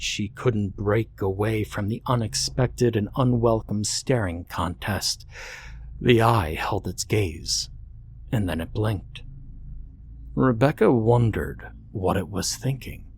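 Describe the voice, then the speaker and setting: A man narrating a horror story in a measured, suspenseful way. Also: on the low side, slight background noise.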